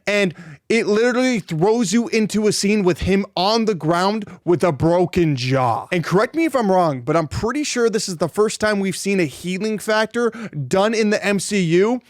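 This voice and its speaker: A man's voice: high voice, lively intonation, normal speed, no room sound, studio quality. A man hosting a casual video review, talking in an enthusiastic, gushing way with frequent restarts. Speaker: YouTube show reviewer.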